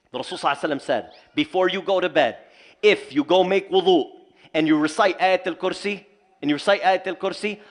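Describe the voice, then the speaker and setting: Brief: male Islamic teacher, fairly high voice, animated, humorous storytelling lecture. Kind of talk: community lecture. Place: mosque community hall.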